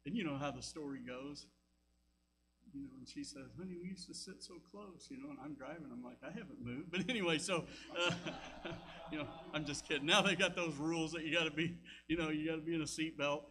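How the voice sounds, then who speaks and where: A man's voice: a little high, fairly even intonation, fairly quick. Older southern preacher man, folksy and chatty, hum in the background. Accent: Southern American. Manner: folksy storytelling with asides. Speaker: pastor. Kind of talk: sermon. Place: church sanctuary.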